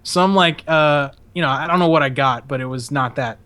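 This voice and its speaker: A young man hosting a podcast, casually telling a story, swearing often, laughing and acting out shouted quotes. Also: fairly high pitch, a little fast, clear, resonant tone. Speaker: podcast host.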